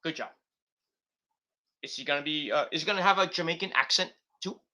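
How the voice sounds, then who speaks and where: A man's voice: fairly high pitch, fairly quick, sharp tone. A man hosting a casual late-night wrestling podcast, rambling and profane with lots of fillers. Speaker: podcast host.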